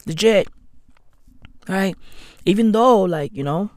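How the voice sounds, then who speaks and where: Slow, slangy man ranting. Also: high voice, lively intonation, darkish tone, no room sound, clean studio sound. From London. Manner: slangy, sardonic rant with mock apologies. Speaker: comedian and podcaster. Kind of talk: profane comedic monologue. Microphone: new studio microphone.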